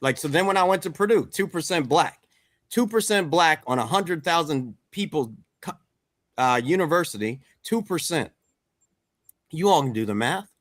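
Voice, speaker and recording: A man's voice: on the high side, lively intonation, moderate pace, no room sound, clean studio sound. A middle-aged man from Washington, D.C., coaching a men's circle, speaking bluntly and emphatically with some swearing. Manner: blunt, emphatic, swears, repeats "let's get real". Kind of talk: candid group talk.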